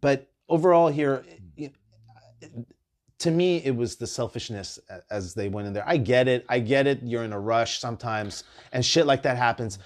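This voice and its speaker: In a mid-range voice at normal speed, a male podcast host relaxes into conversation, narrating stories animatedly and cursing openly.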